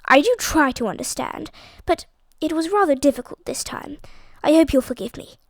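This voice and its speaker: A flustered aristocratic father who keeps stumbling over his words, as a woman reads him aloud. The voice sits high and bright, recorded close and dry, like a storybook read at home. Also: expressive, normal speed, no echo. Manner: hesitant, full of ums and restarts.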